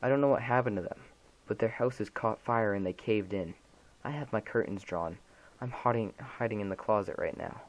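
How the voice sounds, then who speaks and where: A man's voice: on the low side, normal speed, close to an everyday voice, low-quality recording. A man voicing a terrified, panicked woman caller in a dramatic reading of a horror story, pleading and sobbing. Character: terrified middle-aged woman caller hiding.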